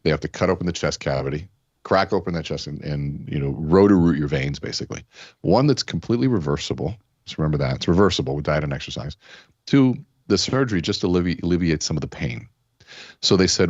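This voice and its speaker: A man's voice: very deep voice, animated, quick pace, no echo, lo-fi sound. A man talking as a guest in an interview, telling stories and sprinkling in fillers like "you know". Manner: storytelling, acts out quoted characters, many fillers. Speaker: keynote speaker, podcast guest. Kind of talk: conversational interview with told stories.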